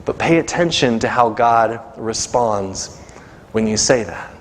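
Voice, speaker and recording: A man's voice: mid-range voice, lively intonation, a little slow. Man preaching in a reverberant church. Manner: conversational preaching, acts out quoted voices. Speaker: pastor. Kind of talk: sermon. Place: church sanctuary.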